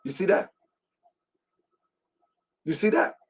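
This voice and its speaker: A man hosting a heated commentary, repeating his points emphatically and confrontationally. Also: takes it slowly. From Baltimore, US. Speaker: host.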